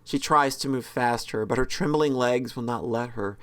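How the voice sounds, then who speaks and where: Reading a horror visual novel's narration on a let's-play, a man keeps things casual with jokes and frequent self-corrections. He speaks in a mid-range, somewhat bright voice at a normal pace.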